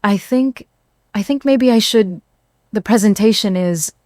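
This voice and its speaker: A man's voice: very high-pitched, dry recording, clean studio sound, voice pushed up. Woman voicing a slurring, confused husband. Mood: confused, faltering. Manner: halting, trailing off mid-sentence.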